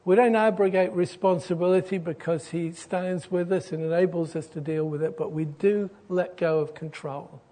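A middle-aged man, a pastor preaching an earnest sermon that softens into a quiet, gentle invitation. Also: high voice, fairly even intonation, moderate pace.

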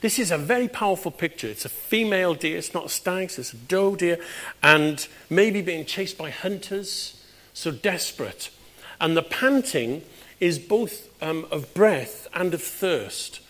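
Man, British preacher, conversational sermon, loud emphatic bursts. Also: high voice, animated, a little slow. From Britain.

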